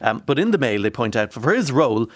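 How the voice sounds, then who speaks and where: A man's voice: mid-range voice, sing-song, fast, dry recording, studio quality. A man presenting a radio show, chatting casually with frequent fillers.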